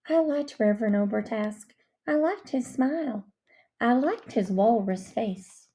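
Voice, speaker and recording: A woman narrating a children's novel aloud in a measured, expressive way. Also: a little high. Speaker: audiobook reader. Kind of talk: storybook narration.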